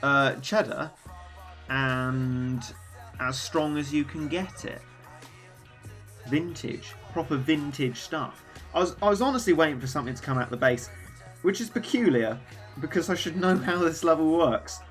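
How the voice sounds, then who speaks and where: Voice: medium pitch, a little slow, faint music behind. A streamer chatting casually and rambling while playing a game and reading chat aloud.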